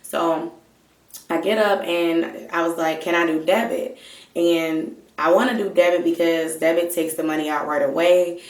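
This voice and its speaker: A woman vlogger telling a story in a casual, animated and exasperated way, swearing freely. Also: fairly low pitch, measured pace. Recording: roomy, mic at a distance.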